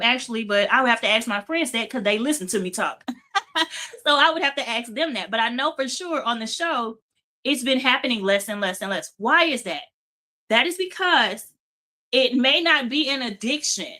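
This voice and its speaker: Woman hosting a faith pep talk, punchy and repetitive, bright high-ish voice. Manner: emphatic, repeats phrases for emphasis. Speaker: host. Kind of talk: faith-based motivational talk.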